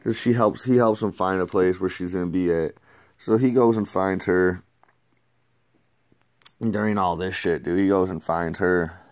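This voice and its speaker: A man's voice: low voice, fairly even intonation, moderate pace, pauses often, a little mellow. A man giving a casual, rambling comic book review, laid-back, swearing and saying "dude" a lot.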